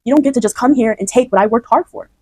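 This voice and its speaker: A woman's voice: a little high, fast talker, warm tone, dry recording, lightly acted. A woman voicing a proud, defensive middle-aged man who pleads indignantly.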